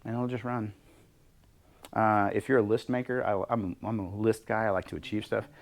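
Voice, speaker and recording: A middle-aged man leading a workshop on leadership, talking in a lively way and acting out bits of dialogue in different voices. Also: on the low side, moderate pace. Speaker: leadership coach. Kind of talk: workshop talk. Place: workshop room with a small group.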